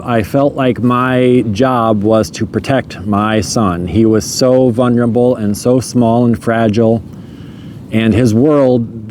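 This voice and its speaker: A man's voice: mid-range voice, warm tone, a little hiss or hum. A man telling a personal story in a loose, rambling way, often saying "you know" and chuckling.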